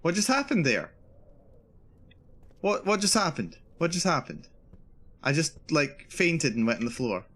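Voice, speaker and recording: A man's voice: a little high, very animated, measured pace, pauses often, a bit bright. A male streamer giving live commentary on a horror game, nervous and repeating himself as he narrates his own fear. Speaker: VTuber streamer.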